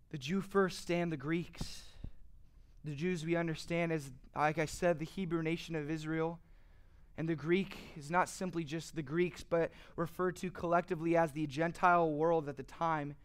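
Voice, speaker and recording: A man preaching a sermon earnestly, asking rhetorical questions and building to emphatic passages. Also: fairly high pitch. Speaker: pastor.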